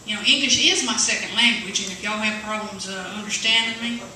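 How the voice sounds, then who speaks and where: A woman from West Virginia with an Appalachian accent, doing stand-up at an open mic in a coffee house, halting and nervous with many fillers. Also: medium pitch, pushed and bright, recorded from a distance, a little hiss or hum. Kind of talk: stand-up comedy. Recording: echoey room, taped from afar.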